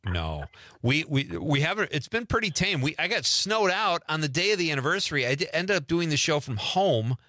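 Chatty male radio host, bright voice. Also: on the high side, a little fast, no room sound, studio quality. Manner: relaxed, chatty, laughs easily. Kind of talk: casual on-air chat. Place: radio studio.

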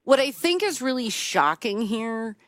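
A woman's voice: a little high, sing-song, a little slow, a bit bright, no echo, studio quality. A woman hosting a call-in talk show, commenting in an indignant, emphatic way and taking callers.

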